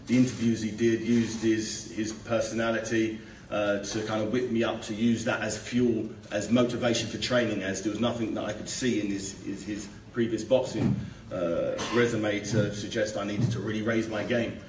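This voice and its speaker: A lower-voiced man gives measured, determined press conference answers, repeating words as he gathers his thoughts. He sounds distant in a reverberant hotel room, with a faint background hiss. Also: fairly even intonation, a little mellow. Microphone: room mic, heard from a distance. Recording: echoey room, distant mic, faint noise.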